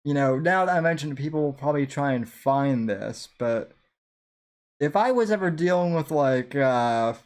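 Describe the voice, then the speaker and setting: A man's voice: on the high side, animated, normal speed, a little mellow. A man hosting a podcast, chatting casually in rambling, self-deprecating asides. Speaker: podcast host. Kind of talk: casual chat, commentary on an old episode.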